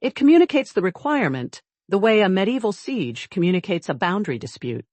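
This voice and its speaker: A determined young woman intern trades quick, pointed remarks in a spoken storybook, put on by the narrator. Her lines sit a little above the narrator's middle register. The recording is close and dry. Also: medium pitch, big pitch swings, darkish tone, no echo, pitched above the performer's own voice. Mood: exasperated.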